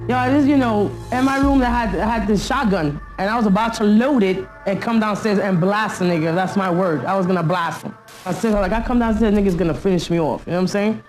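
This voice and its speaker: A woman's voice: medium pitch, a little mellow. Blunt New woman with street slang. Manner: blunt street slang, frequent "you know what I'm saying". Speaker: interviewee recounting her past. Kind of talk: documentary interview recollection.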